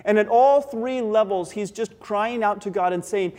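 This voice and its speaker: A man preaching a sermon, earnest, slowing down and speeding up and getting louder or softer for emphasis. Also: high-pitched. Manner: earnest, varies pace and loudness for emphasis. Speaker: pastor.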